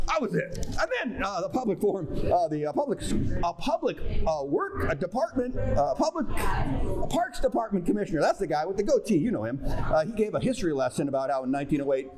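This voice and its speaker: High-voiced man with dry sarcasm. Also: very animated, a little fast, crowd noise. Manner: dry, sarcastic, many filler hesitations. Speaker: local politics commentator. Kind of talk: wry casual recap of a meeting.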